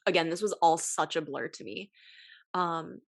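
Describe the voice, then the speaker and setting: A woman's voice: deep voice, moderate pace, gravelly, no room sound. A young woman hosting a podcast, telling a personal story in a casual, emotional way, with many sighs and fillers, at times close to tears. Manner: emotional, sighing, filler-heavy. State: tearful. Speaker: podcast host.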